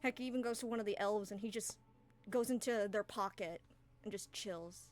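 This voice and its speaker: A woman's voice: mid-range voice, moderate pace, soft background music. A woman narrating a tabletop game as game master, in a casual, rambling way. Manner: casual, rambling, with fillers and laughs.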